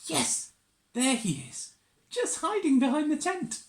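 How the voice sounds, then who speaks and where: A woman reading a picture book to young children, animated and sing-song, asking her listeners questions. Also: sits high, measured pace. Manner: makes animal noises and gasps. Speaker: children's storyteller. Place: church. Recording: roomy church echo.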